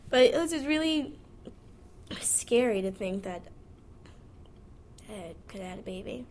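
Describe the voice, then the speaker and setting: A woman's voice: high voice, sing-song, a little slow, long pauses. A nineteen-year-old woman, talking frankly and chattily about her life, laughing as she goes. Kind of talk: candid personal monologue.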